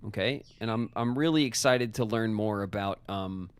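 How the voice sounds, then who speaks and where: A man's voice: fairly low pitch, normal speed, clean tone. Chatty man thinking aloud over a game. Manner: chatty, talks to chat and himself, jokey asides. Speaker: streamer playing a puzzle game. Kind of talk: casual live gameplay commentary.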